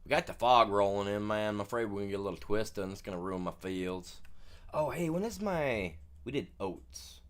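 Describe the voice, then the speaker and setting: Male streamer with a lowish voice, loose and joking, talking to viewers through gameplay. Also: lively intonation, fairly quick. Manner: rambling and jokey, says "man" constantly. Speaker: game streamer. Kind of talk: casual gameplay commentary.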